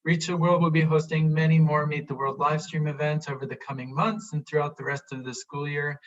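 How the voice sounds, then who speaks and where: A man's voice: on the high side, fairly bright tone. A man hosts a live stream interview over a video call, in a slightly raised voice. He is friendly and encouraging, and his audio comes through dull and lo-fi. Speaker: host. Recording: dull lo-fi sound.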